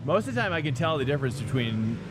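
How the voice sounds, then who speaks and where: A man's voice: a little high, very animated, fast talker, noisy background. Rambling male sim racing streamer. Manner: rambling, chatty, answers viewer chat. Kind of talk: live stream chat while racing.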